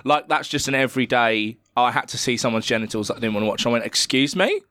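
A man's voice: medium pitch, fast, dry recording, studio quality. Sweary British man telling stories. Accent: British English. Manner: sweary, animated storytelling. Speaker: podcast co-host. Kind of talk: casual chat.

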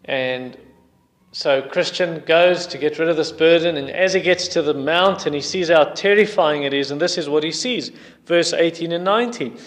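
A man's voice: a little high, normal speed. A male preacher delivering a sermon and retelling a story in an emphatic way. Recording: long hall reverb.

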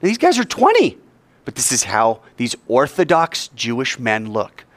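A man preaching a sermon, telling a story with lively acted-out voices. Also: medium pitch, measured pace, no room sound. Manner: animated, acts out characters in his story. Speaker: pastor.

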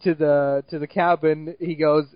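A man's voice: on the high side, little pitch movement, unhurried, dry recording, dull audio. A man co-hosting a casual movie review chat, ranting with exasperation, swearing often and laughing at what he mocks. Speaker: movie review podcast co-host.

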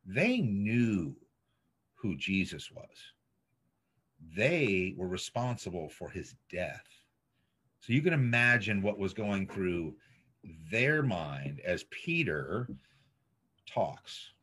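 A man preaching a sermon as a pastor, emphatic and dramatic, letting his voice sink low at the ends of points. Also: very animated, fairly bright tone, husky. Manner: slow, emphatic preaching with dramatic drops in volume. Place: streamed over video call. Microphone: video call mic.

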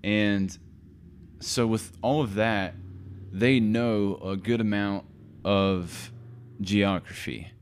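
Low-voiced man rambling on a podcast. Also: fairly even intonation, extremely slow, pauses often, slight background noise. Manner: rambling, self-interrupting, offhand. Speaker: podcast host. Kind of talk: casual rambling monologue.

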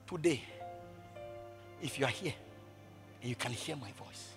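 A man preaching a sermon, driving his points home by repeating phrases and swinging from shouting to hushed speech. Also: on the high side, moderate pace, pauses often, music in the background. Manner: emphatic, repeats phrases over and over.

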